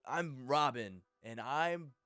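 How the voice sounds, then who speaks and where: A man voicing a young boy sidekick with a high boyish inflection, eager and earnest. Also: slow pace, bright, forceful tone, no echo, clean studio sound. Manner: urgent, earnest pleading.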